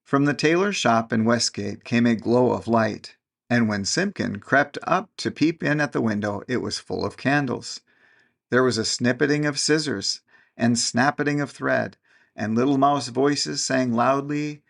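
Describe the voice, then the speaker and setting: A man reading a classic storybook aloud in a gentle, measured narration. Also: mid-range voice, creaky.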